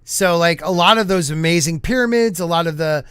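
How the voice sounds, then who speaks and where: Male podcast host, higher voice, rambling and halting, dry close sound. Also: a bit bright, clear, resonant tone, no echo. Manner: rambling, halting, many fillers and restarts. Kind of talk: casual podcast chat.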